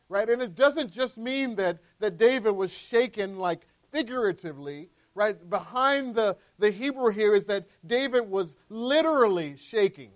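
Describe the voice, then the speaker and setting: Male preacher, high voice, conversational sermon delivery with frequent "right?" check-ins. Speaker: pastor.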